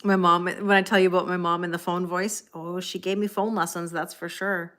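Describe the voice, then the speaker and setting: A woman's voice: on the low side, little pitch movement, brisk, fairly bright tone. A woman reading tarot on a casual live stream, chatting with viewers by name and laughing often. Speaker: tarot reader.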